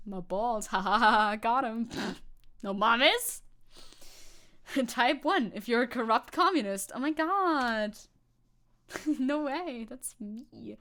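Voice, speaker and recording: A woman streamer from Germany, reading the news aloud and reacting in a giggly, sarcastic way, swearing freely. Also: on the high side. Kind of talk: casual reaction commentary.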